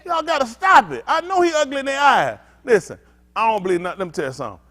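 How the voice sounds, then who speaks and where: A male pastor preaching to a congregation in a high voice that leaps up and down in pitch. He is blunt and street-talking. He swings from loud, emphatic bursts to low, muttered asides. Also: wildly swooping pitch, rapid-fire. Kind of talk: sermon teaching with call-and-response.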